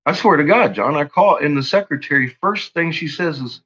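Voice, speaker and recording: A man's voice: a little high, lively intonation, brisk, hardly any pauses, a bit bright, breathy edge, dull audio. A man vlogging an angry rant to his viewers. He swears constantly and stumbles through restarts. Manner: agitated, profane, stumbling restarts.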